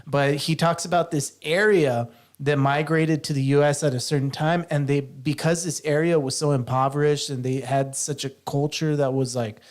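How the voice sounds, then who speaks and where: A man's voice: fairly high pitch, steady tone, moderate pace, hardly any pauses. A man hosting a casual podcast discussion, hesitant and repeating words as he thinks. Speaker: podcast host.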